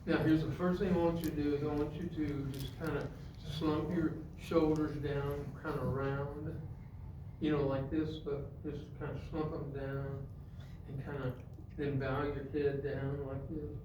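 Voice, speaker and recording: A male preacher giving a sermon, dropping to quiet asides and rising to loud, emphatic points as he directs the congregation. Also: on the high side, flat delivery, a little slow. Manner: acts out stories and gives the congregation physical directions. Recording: echoey hall, mic far off, faint room noise.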